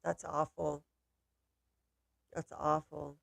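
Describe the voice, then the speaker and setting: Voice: mid-range voice, flat delivery, extremely slow, creaky, fairly bright tone, dry recording. A co-host on a casual live watch-party stream, blunt and dismissive, who also reads out questions from the chat.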